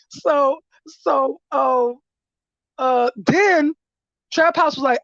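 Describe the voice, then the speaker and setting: A woman vlogger retelling a story in a casual, animated and profane way, often breaking into laughter. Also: sits high, unhurried, no echo. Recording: dull lo-fi dry sound.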